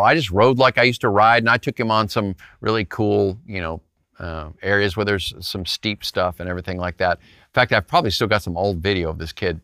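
A male pastor preaches in a loose, storytelling way, his pitch swinging widely as he leans into each point. His tone is bright and forceful, and the sound is close and dry, with no room echo. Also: smooth. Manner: animated, talks straight to listeners with frequent rhetorical "right?". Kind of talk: conversational sermon storytelling.

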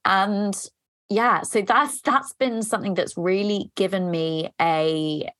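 A woman from England, in her thirties, talks slowly in a mid-range, fairly bright voice. As a podcast host she gives a candid, confessional personal monologue, sprinkled with casual swearing and many fillers. There's no room sound.

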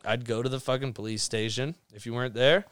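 A man's voice: mid-range voice, steady tone, fast, a bit bright, clean tone, no echo, clean studio sound. A young man, a podcast guest, telling rambling stories in casual chat, swearing a lot and laughing as he goes. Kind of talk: casual storytelling.

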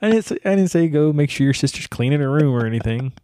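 Casual co-host, man, 30s, lively up-and-down pitch, dry close sound, laughs through his stories. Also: quick pace, dry recording. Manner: laughing storyteller, swears casually. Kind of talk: casual chat.

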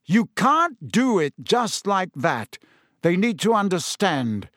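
Man reading a pleading middle-aged wizard, pitched high and pushed loud, slow and urgent. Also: very animated, dry recording, studio quality, exaggerated voice.

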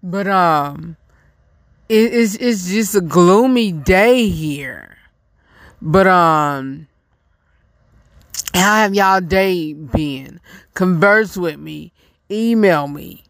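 A man's voice: high voice, extremely slow, long pauses, a bit bright, no room sound, clean studio sound. A man from North Carolina with a Southern accent, chatting casually as host of his own show, repeating himself and laughing often. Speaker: podcast host. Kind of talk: casual solo chat.

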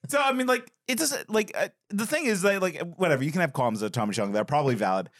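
Man, podcast co-host, casual movie chat, rambling, lively intonation. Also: fairly high pitch, fast. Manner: rambling, full of "like" and restarts.

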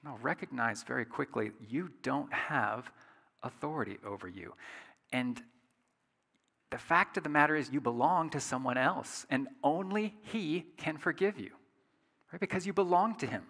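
A pastor delivers his sermon in a lively, conversational way, pressing points home and checking in with rhetorical questions. His voice sounds bright and forward. A long reverb trails behind him, as in a large hall. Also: a little high, normal speed, gravelly. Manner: conversational, emphatic, asks the audience rhetorical questions.

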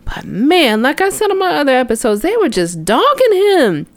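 An excitable young woman hosts a casual sports podcast, her pitch leaping up and down as she reacts. The sound is close and dry, with no room around her voice. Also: normal speed, no room sound. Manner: animated, chatty, exclaims often. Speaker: podcast host. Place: city outside Chicago.

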